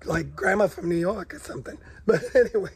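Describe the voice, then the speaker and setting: A middle-aged man with a hoarse, gravelly voice worn rough from days of coughing. He chats easily on a vlog and laughs often, his voice sitting a little high for a man. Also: lively intonation, a little fast. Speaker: vlog co-host. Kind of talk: casual chat.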